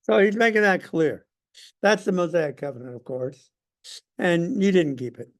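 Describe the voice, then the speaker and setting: A man's voice: sits high, normal speed. A man leading a Sunday school class, talking in an emphatic, conversational way and putting questions to the group. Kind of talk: church class lesson.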